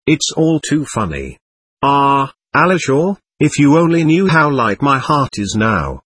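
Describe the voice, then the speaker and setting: A man's voice: medium pitch, very animated, unhurried, fairly bright tone, husky, no room sound, heavily acted. A man reading a bitter, irritable young man in an audiobook, speaking in a sardonic, snapping way. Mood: bitterly elated. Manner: sardonic, snapping, self-mocking.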